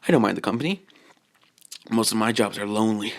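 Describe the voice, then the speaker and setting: Man doing young male mercenary, calm, flat delivery, plain voice. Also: lowish voice, fast, lightly acted. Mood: matter-of-fact.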